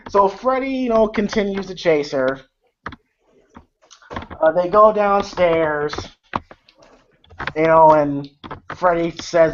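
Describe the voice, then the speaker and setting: Slow and high-pitched, pausing often, a male movie reviewer gives a loose, meandering recap full of fillers, curses and little laughs. Faint noise sits under the lo-fi recording.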